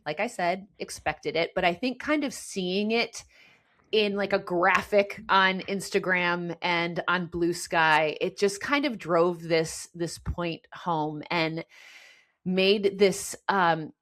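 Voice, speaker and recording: A woman from the United States hosts a casual podcast conversation. Her voice sits a little low, and she talks earnestly and frustratedly, circling back and restarting her sentences as she goes. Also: fairly bright tone. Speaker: podcast host.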